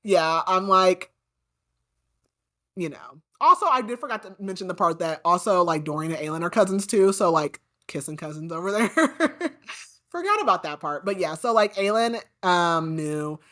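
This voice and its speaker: An expressive woman with a lowish voice and a bright, forceful tone recaps a book on her podcast at a moderate pace. She keeps things chatty, saying "like" a lot and voicing indignation at the characters.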